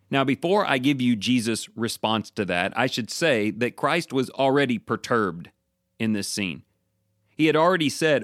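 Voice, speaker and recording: Expressive male preacher, dry sound. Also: medium pitch, no room sound. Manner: emphatic, slows down for stressed words. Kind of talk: sermon.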